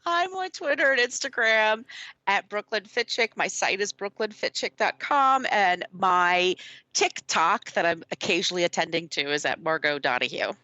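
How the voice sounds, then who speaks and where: In a dry, muffled recording, a woman with a medium pitch talks at normal speed as a podcast co-host. Her casual chat is animated, and she voices the characters in the stories she tells.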